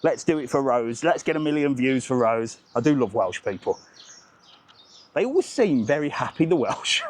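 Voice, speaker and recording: A man's voice: medium pitch, sing-song, normal speed. A man hosting a live walking travel vlog, chatting upbeat and greeting passers-by on an outdoor street. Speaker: travel vlogger host.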